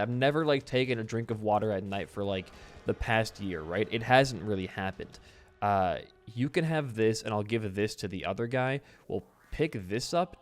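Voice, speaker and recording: A young adult man talking through a video game while telling a story, in a chatty, rambling way with casual swearing. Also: mid-range voice. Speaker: gaming video host. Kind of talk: casual let's-play commentary mixed with storytelling.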